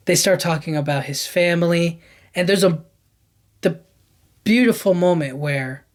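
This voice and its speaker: A man hosting a podcast, casually recapping a movie in a rambling, enthusiastic way, filling his talk with "like" and "you know what I mean". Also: on the high side. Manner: enthusiastic about scenes. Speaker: podcast host.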